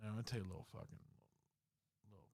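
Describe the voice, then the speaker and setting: A man hosting a podcast, telling a ghost story in casual talk full of swearing and slang, dropping to a hush in the scary parts. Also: on the low side, steady tone, very fast, no room sound. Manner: swearing, slangy, full of "bro" and "you know"; drops to a hushed voice in the scary parts. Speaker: podcast host.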